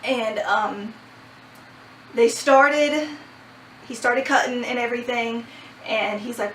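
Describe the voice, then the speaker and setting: Animated young woman telling a story, roomy. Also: on the high side, slow pace, pauses often, a little hiss or hum. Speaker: vlogger. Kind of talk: casual storytime. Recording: roomy sound from a distant mic.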